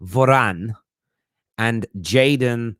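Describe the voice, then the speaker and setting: A young man chats loosely on a livestream, joking, laughing and dropping slang as he goes. His voice sits at an ordinary pitch, recorded close and dry with no room sound. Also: very slow, a bit bright, no echo. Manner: chatty and jokey, laughs often, slangy. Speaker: livestream host. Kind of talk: casual live chat.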